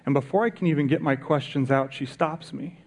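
A man's voice: fairly high pitch, fairly quick, a little mellow. A man preaching a sermon in a conversational way, asking the congregation rhetorical questions. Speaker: pastor. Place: church service.

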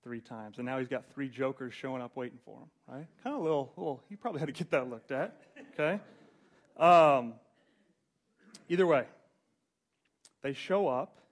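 A man's voice: mid-range voice, moderate pace, pauses often. A man preaching a casual sermon, reading scripture aloud and retelling it in loose everyday slang.

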